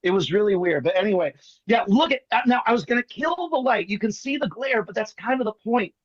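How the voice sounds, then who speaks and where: A man performing as a magician, telling jokey stories in quick comic patter over a video call. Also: sits high, lively intonation, no echo, dull audio. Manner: rapid joking storyteller, playful teasing. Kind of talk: comic patter on an online show.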